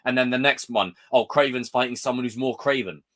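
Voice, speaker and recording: A man's voice: mid-range voice, fairly quick, fairly bright tone. A man, hosting a live stream and ranting in a casual, exasperated way, swearing often.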